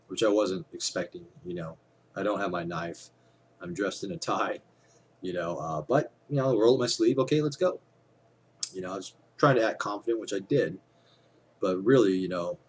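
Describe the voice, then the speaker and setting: A man's voice: low-pitched, slight background noise. A man talking casually to his camera, rambling with lots of fillers and casual swearing. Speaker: vlogger.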